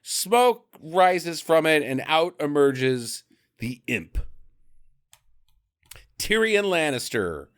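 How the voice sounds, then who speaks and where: A man's voice: a little high, sing-song, extremely slow, long pauses, clear, resonant tone. A man co-hosting a podcast, recapping a film in casual chat, joking and laughing often. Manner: jokey, laughs often, acts out quotes. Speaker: podcast co-host.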